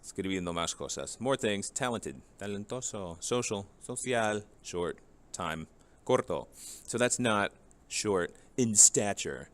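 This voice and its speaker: A man's voice: sits low, expressive, a little slow. A man teaching a Spanish vocabulary lesson, reading each English word and then its Spanish match, and asking the class rhetorical questions.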